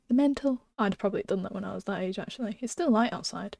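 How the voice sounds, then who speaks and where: A young woman chatting casually while streaming a game at home, giggling and often dropping to a hushed whisper. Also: medium pitch, animated, fairly quick, vocal fry, hardly any pauses, slightly rough, dry recording, clean studio sound. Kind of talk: casual live-stream chat. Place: small room at home.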